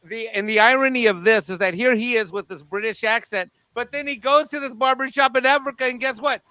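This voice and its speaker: A man with a Mexican accent talking on a review panel, animated and joking, laughing at his own jokes. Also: very high voice, a little fast, clean tone, no room sound.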